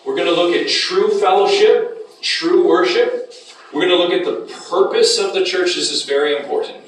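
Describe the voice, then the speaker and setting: A man's voice: high voice, normal speed, recorded from a distance, slight background noise. Man teaching a Bible class in an echoey room. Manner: asks the class frequent questions. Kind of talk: classroom lecture.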